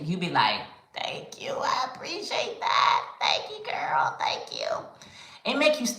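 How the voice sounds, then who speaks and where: A woman's voice: on the low side, a bit bright. A woman hosting a casual live chat, talking chattily and calling her viewers y'all. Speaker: livestream host. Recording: echoey room.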